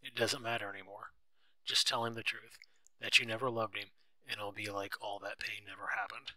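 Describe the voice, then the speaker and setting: A man reading a calm, earnest young lover. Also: on the low side, a little fast, dry recording, low-quality recording.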